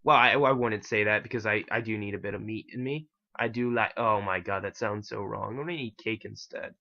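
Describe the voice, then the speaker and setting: A man's voice: fairly low pitch, normal speed, creaky, bright, forceful tone. Rambling young-sounding gamer man, lo-fi. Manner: rambling, self-mocking, swears casually. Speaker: gaming channel host. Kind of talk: casual gameplay commentary.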